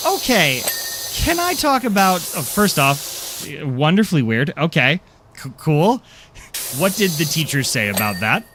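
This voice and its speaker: A man's voice: on the high side, sing-song, a little slow, a bit bright, slight background noise. A man streaming a game, chatting casually with his viewers in a rambling, self-deprecating way. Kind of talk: casual live-stream chat.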